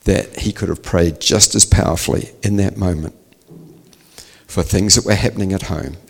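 A man's voice: deep voice, fairly even intonation, moderate pace, vocal fry, long reverb tail. A man preaching a sermon, telling a story and acting out the dialogue, building to emphatic peaks.

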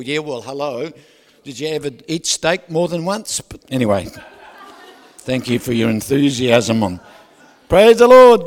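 A man preaching a sermon, loud and animated, who keeps asking the crowd for agreement and drops joking asides with laughs. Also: fairly high pitch. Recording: long hall reverb.

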